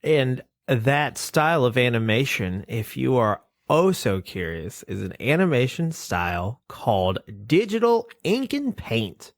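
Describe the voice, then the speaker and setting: A man's voice: mid-range voice, very animated, measured pace, few pauses, no room sound, clean studio sound. A man with a nasal voice co-hosting a casual podcast, reading definitions and cast lists aloud and swearing casually. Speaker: podcast co-host.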